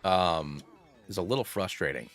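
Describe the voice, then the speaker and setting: A man streaming a game live, rambling through his moves and excitedly thanking viewers by name. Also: deep voice, moderate pace, creaky, faint music behind. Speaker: streamer playing a fusion monster game. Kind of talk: casual live-stream chat and game commentary.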